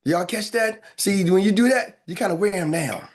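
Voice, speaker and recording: A man with an American accent coaching salespeople on a live call, playful and animated, acting out lines and sound effects. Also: high-pitched, moderate pace.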